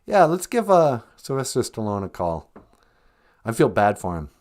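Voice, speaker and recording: A man hosting a comedy podcast, interviewing in a playful, deadpan way. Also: medium pitch, moderate pace. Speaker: podcast host.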